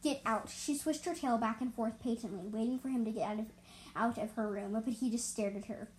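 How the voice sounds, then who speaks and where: Woman reading her dragon story out loud, higher voice, trips on words and fixes them, faint noise behind. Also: fairly even intonation, brisk, poor audio. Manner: stumbles and restarts, corrects herself aloud. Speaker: story reader. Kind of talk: reading her own fan story aloud.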